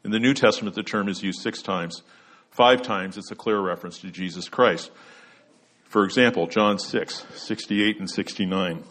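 A man's voice: on the low side, normal speed, fairly bright tone. A man preaching an expository sermon, earnest and emphatic, letting his voice drop at the end of each point.

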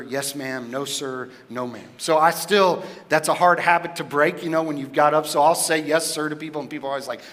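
Bright-voiced man preaching in a reverberant hall. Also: fairly high pitch. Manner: conversational, asks the congregation questions. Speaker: pastor. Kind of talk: sermon.

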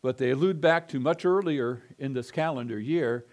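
A man's voice: medium pitch, moderate pace, darkish tone. A middle-aged male pastor preaching an expository sermon, emphatic and given to repeating phrases with building intensity.

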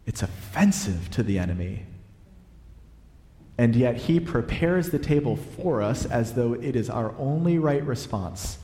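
A male preacher giving a sermon in a relaxed, conversational way, with fillers and self-corrections, sometimes reading aloud from a book. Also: mid-range voice, measured pace. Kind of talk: sermon with read-aloud story. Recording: echoey hall.

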